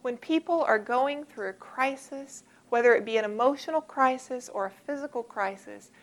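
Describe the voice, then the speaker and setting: A middle-aged woman delivers a teaching presentation and weaves personal stories into the lesson. Her voice sits a little high and has a gravelly edge. She stays earnest and conversational and goes soft and hushed when she quotes gentle words of comfort. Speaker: presenter teaching a care model.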